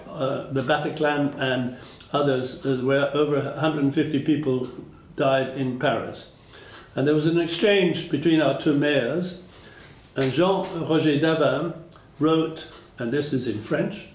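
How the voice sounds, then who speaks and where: A man with an English accent giving a formal public speech at a twinning ceremony, halting often with fillers and restarts. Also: mid-range voice, steady tone, roomy sound, low-quality recording. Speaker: speaker at a town twinning ceremony.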